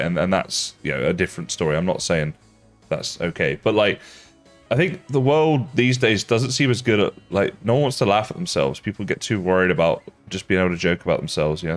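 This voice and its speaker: A young man chatting casually while streaming a game, self-mocking and laughing often. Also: sits low. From England. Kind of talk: casual live-stream chat while gaming.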